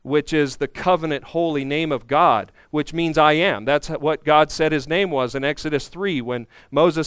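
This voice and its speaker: Male pastor, earnest teaching preacher, fairly high smooth voice, dry close recording. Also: fairly even intonation, normal speed, few pauses, fairly bright tone, dry recording. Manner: earnest teaching, acts out Bible speakers. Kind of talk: expository sermon.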